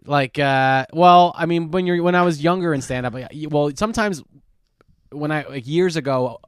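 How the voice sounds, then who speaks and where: A man's voice: a little high, smooth, dry recording, clean studio sound. A young man, a stand-up comedian, telling a story in casual podcast chat, rambling with many restarts. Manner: rambling, restarts a lot, talks fast.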